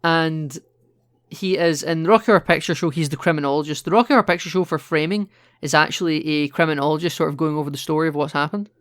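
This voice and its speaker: A man's voice: on the high side, quick pace, a bit bright, no room sound, studio quality. A man co-hosting a podcast, chatting casually about films, explaining and laughing easily. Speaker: podcast co-host. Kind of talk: casual film chat.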